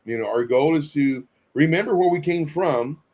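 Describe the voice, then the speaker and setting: Earnest rambling man, higher voice. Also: normal speed, darkish tone. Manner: rambling, earnest, storytelling with many fillers. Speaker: co-host. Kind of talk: casual live-stream chat.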